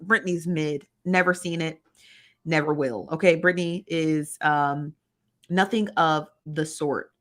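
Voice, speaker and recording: A woman's voice: on the low side, fairly bright tone. A woman hosting a casual livestream, chatty and slangy, greeting viewers by name. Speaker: livestream host.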